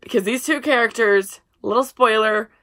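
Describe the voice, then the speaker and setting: A woman's voice: a little high, moderate pace, fairly bright tone. A young woman in a casual book review vlog, chatty and gushing, often trailing off mid-sentence while talking to her camera. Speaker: book vlogger.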